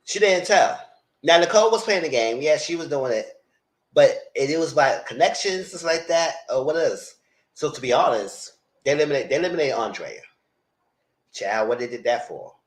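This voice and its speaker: Man, fairly high voice, very lively, dramatic and sassy, reality TV talk, roomy echo. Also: normal speed. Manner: animated, dramatic, swings into high squeals and sassy exclamations. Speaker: host. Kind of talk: live reality TV discussion.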